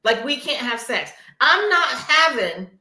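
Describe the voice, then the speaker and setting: A blunt woman recapping a reality show on a podcast, her voice bright and lively, sliding up and down as she makes her points. She swears freely and leans hard on key words. The room gives her a noticeable echo. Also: high-pitched, measured pace, slight background noise. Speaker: podcast co-host. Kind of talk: casual reality-TV recap chat.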